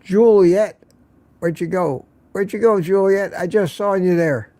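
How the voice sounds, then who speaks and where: A man's voice: sits high, unhurried, mellow, no echo. A man hosting a casual evening livestream, chatting and greeting viewers by name with small jokes. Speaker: livestream host.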